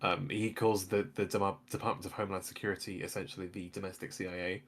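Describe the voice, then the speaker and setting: A man's voice: low voice, level tone, fast talker, a bit bright. A man explaining his views in a casual podcast discussion, opinionated and peppered with "like". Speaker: podcast co-host.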